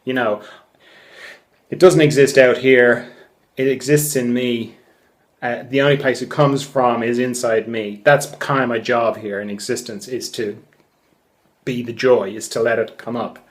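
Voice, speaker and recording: A man's voice: mid-range voice, steady tone, unhurried. An Irish man hosting a solo podcast, rambling and joking, swearing freely and laughing at himself. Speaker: podcast host. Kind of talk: casual solo podcast monologue.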